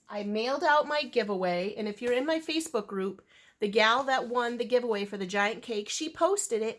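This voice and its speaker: A crochet vlogger chats casually to the camera in a somewhat high, fairly bright voice. She's chatty and rambling, full of fillers and self-corrections.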